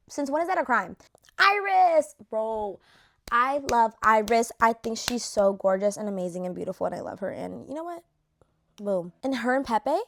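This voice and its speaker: Young woman, casual vlog chat, gushing, filler-heavy, slightly high pitch, voice slightly worn. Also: very animated, a little fast. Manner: gushing, chatty, heavy use of "like", swearing. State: losing her voice. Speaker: vlogger ranking reality show cast.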